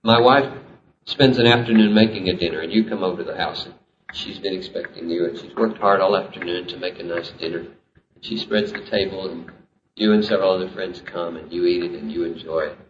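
A man's voice: sits low, a little fast, far from the mic, slight background noise. A man preaching a sermon as pastor, emphatic and climbing to impassioned peaks. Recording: roomy, dull live sermon recording.

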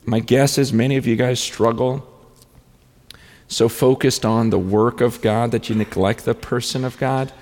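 Earnest male pastor preaching to an audience in a large hall, halting restarts, long reverb trailing each phrase. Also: medium pitch, steady tone, a little mellow. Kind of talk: sermon.

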